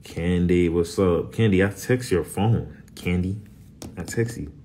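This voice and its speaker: A young man with a deep, low voice, talking loudly in a casual vlog. He swears freely and swings between loud bursts and quiet whispers. A faint noise sits behind him. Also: measured pace. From Florida. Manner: energetic, loud and profane, jumping into whispers. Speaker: vlogger.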